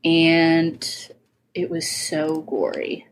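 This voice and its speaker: A woman's voice: low voice, flat delivery, drawn-out words, slight background noise. A woman co-hosting a podcast, talking in an enthusiastic, gushing way. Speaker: podcast co-host. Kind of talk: casual chat.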